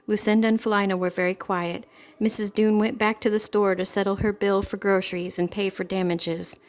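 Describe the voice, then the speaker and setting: A woman reading a children's storybook aloud in a gentle, expressive storytelling manner. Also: medium pitch, brisk. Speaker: storybook reader.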